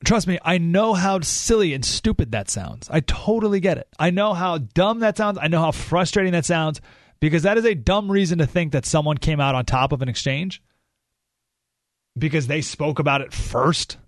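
A man's voice: on the high side, normal speed, no room sound. A man hosting a radio talk show, giving an emphatic, opinionated monologue full of rhetorical questions, recorded in a studio.

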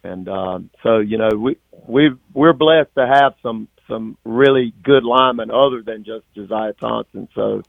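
A man, a high school football coach, talking haltingly after a game with many fillers and restarts. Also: creaky, no room sound. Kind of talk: postgame phone interview. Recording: tinny, dry phone line.

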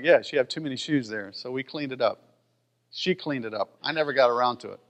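A man's voice: sits high, fairly bright tone. A male pastor preaching a sermon in a church, in a folksy way with joking asides to the congregation. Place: church auditorium. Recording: long hall reverb.

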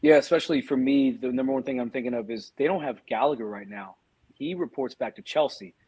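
A man, co-hosting a podcast, giving steady, opinionated football analysis in casual chat. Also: medium pitch, brisk, breathy edge. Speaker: podcast co-host.

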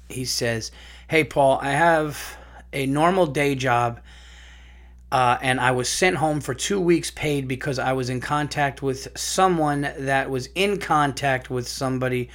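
A man of middle pitch talks through a loose comic monologue, circling his stories and piling on asides. His delivery is animated and chatty, with the odd swear word. He sounds like a comedian unwinding on his own show. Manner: rambling, animated storytelling with profanity. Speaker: podcast host and comedian.

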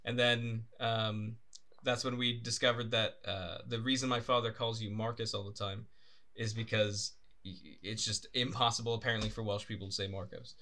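Bright-voiced young man chatting on a podcast. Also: fairly low pitch, level tone, normal speed. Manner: rambling, laughs often, swears casually. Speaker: podcast co-host. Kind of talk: casual chat. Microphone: desk microphone.

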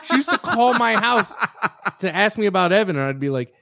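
A young man in a casual podcast chat with a lively, swooping voice pitched a little high for a man. He tells stories loudly and profanely, acting out every voice in them. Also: fairly quick, gravelly. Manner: animated, profane, mimics voices in his stories. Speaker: storyteller guest.

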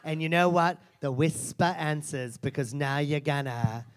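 A crude, foul-mouthed self-help seminar guru in a live comedy act, a man putting her on. She mocks and insults her audience with theatrical scorn, in a voice pitched a touch higher than usual. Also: a little slow, natural voice. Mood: brash. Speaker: comedian performing a character. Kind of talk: live stand-up character act.

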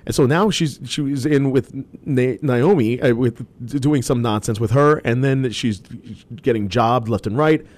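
A man's voice: medium pitch, moderate pace, a little mellow. A man co-hosting a casual talk show, rambling with many restarts and fillers. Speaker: podcast co-host. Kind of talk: casual wrestling chat.

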